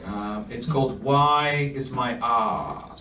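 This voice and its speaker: Rambling comic in a noisy bar. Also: male voice, medium pitch, takes it slowly. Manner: rambling, self-deprecating, trailing off into asides. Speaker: stand-up comedian. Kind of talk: stand-up comedy set. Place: comedy night in a bar, live audience laughing. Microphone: handheld stage mic, recorded from a distance. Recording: roomy, distant, noisy bar recording.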